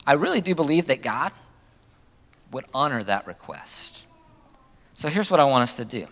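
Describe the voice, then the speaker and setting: A man preaching a sermon, his voice sitting somewhat higher than most men's. He swings his pitch upward to stress points and lets it fall low and quiet at phrase ends, and a long hall reverb trails behind every line. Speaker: pastor.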